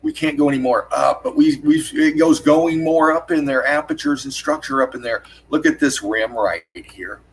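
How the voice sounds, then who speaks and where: A man hosting his own channel, urgently narrating over on-screen footage, swearing often and repeating his words as he points out details to his viewers. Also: a little hiss or hum. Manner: urgent, profane, repeats "look at this" constantly; rapid emphatic pointing words like "bam" and "boom". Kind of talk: excited on-screen analysis commentary.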